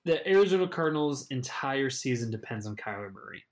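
A man's voice: medium pitch, lively intonation, fairly quick. Chatty man talking fantasy football. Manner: chatty, hedging, restarts phrases. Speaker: fantasy football podcast co-host. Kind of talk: casual sports chat.

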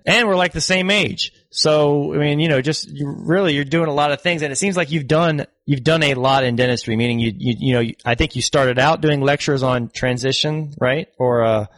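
A man's voice: mid-range voice, no room sound. A man in his forties hosting a podcast, talking with an enthusiastic, chatty manner and laughing easily. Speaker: podcast host. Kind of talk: casual interview chat.

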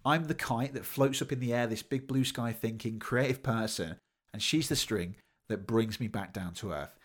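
A man's voice: medium pitch, normal speed. A man hosting a podcast, telling a personal story in a casual monologue and acting out the quoted voices. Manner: animated, acts out quoted voices. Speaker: podcast host.

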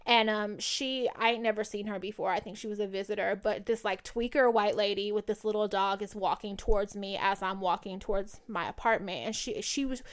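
A woman's voice: medium pitch, fairly even intonation, a little fast, few pauses. A young adult woman co-hosting a podcast, telling a long story in casual, slangy, profane chat. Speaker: podcast co-host.

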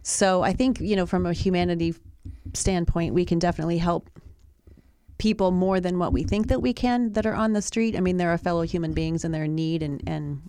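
Earnest woman telling a story, lowish voice. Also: steady tone, fairly quick, mellow, clear, resonant tone, no room sound, studio quality. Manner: earnest, reflective, many restarts and fillers. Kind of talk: conversational storytelling.

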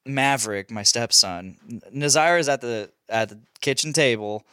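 A man's voice: medium pitch, normal speed, smooth, no room sound, clean studio sound. A young man telling a casual story as a podcast host, laughing often and swearing freely. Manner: animated, laughing, swears a lot.

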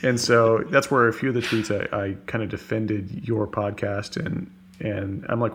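A man in a relaxed conversation as a podcast guest, speaking fast with many fillers and restarts over a video call. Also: lowish voice, a little hiss or hum. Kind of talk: casual conversation. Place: home office on a video call.

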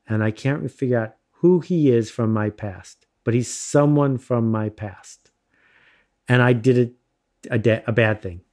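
A middle-aged man casually telling a self-mocking anecdote in lively bursts. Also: mid-range voice. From United States. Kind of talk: casual storytelling.

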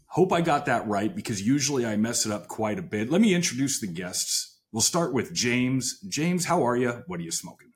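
A man's voice: medium pitch, big pitch swings, normal speed, hardly any pauses. A man hosting a casual podcast after-show, easygoing and teasing as he introduces his co-hosts. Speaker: host.

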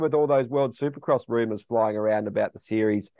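A man's voice: mid-range voice, brisk, gravelly, dark tone, no echo, studio quality. An Australian man co-hosting a casual podcast chat, matey and throwing questions to his co-host.

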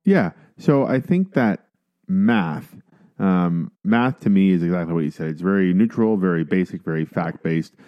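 Man, podcast co-host, deep voice, emphatic, casual coaching chat, muffled recording. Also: lively intonation, normal speed. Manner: emphatic, mimics complainers in a high voice.

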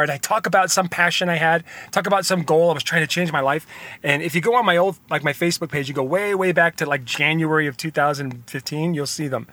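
A man's voice: fairly high pitch, sharp tone, dry recording. A young man hosting a podcast, talking in an earnest, rambling, confessional motivational monologue. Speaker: podcast host.

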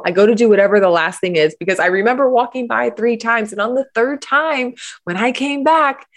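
Woman on a podcast, lively storytelling, explains stuff with lots of energy. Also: on the high side, a little fast, a little hiss or hum. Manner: animated storyteller, explains with enthusiasm. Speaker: guest, parenting coach. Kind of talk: conversational interview.

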